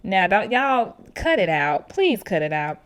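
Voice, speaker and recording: A woman's voice: medium pitch, very animated, unhurried. A woman hosting a podcast, chatting casually and animatedly with slang and frequent laughs. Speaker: podcast host recapping a reality show. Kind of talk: casual chat.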